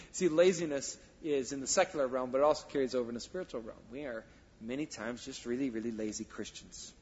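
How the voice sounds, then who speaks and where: A male pastor preaching a sermon, emphatic, swinging from quiet asides to loud declarations. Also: medium pitch, fairly quick. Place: church sanctuary. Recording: dull sound with long hall reverb.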